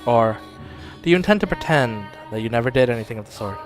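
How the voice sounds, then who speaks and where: A man voicing a cold, taunting inner voice that speaks slowly and chuckles. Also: medium pitch, expressive, music in the background, natural voice. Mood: mocking. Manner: smug, slow, chuckling.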